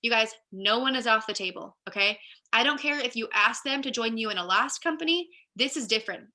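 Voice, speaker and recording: A woman with a very bright, forward voice gives a casual training talk to her team. She sits a little above the usual pitch for a woman and talks in a chatty, upbeat, direct way. Her speech is full of "like" and "you guys" as she coaches. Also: expressive, a little fast. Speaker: team leader.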